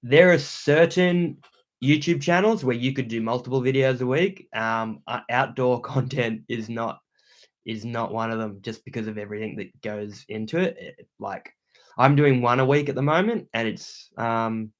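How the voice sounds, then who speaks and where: Aussie bloke on a livestream, chatty and upbeat, reading out comments at home. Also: male voice, mid-range voice, normal speed. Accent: Australian. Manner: upbeat, shouts out viewers, laid-back slang. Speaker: outdoor channel host. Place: indoor room at home.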